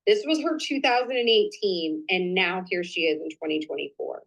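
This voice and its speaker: Excitable chatty woman coaching a live stream. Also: fairly low pitch, a little fast, vocal fry, hardly any pauses, low-quality recording. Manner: chatty and excitable, mutters to herself while fixing slides. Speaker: host of a live business training.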